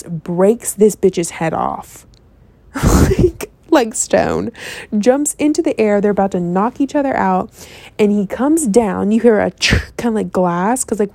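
Gravelly, rambling woman telling a story. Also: mid-range voice, dry recording. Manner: rambling, animated, heavy swearing and filler words. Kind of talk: casual storytelling.

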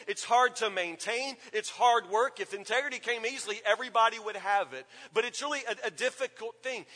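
A man's voice: sits high, bright, forceful tone. A man preaching a sermon as pastor, emphatic and repetitive, often asking the congregation questions. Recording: long reverb of a large hall.

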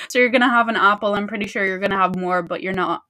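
A woman's voice: mid-range voice, bright, forceful tone. An Irish woman hosting a podcast, chatting in a playful, jokey way. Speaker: podcast host. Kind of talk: casual chat.

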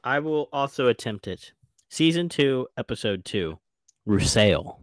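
A man co-hosting a casual recap podcast, swearing freely and telling the story with lively energy. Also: mid-range voice, moderate pace, no echo. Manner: animated, swears freely, acts out characters' lines. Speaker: podcast co-host.

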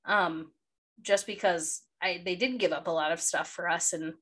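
A woman's voice: fairly low pitch, steady tone, normal speed, fairly bright tone. A young woman co-hosting a casual chat podcast, gushing and emotional, laughing often as she talks. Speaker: podcast co-host.

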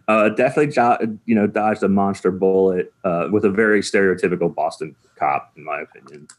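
A man's voice: deep voice, a little fast. A man in his forties telling a rambling story in casual chat, full of "like" fillers.

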